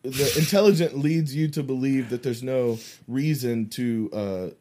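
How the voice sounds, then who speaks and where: A man's voice: mid-range voice, measured pace, mellow. A man co-hosting a podcast in casual chat, rambling, profane and laughing often. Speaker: podcast co-host.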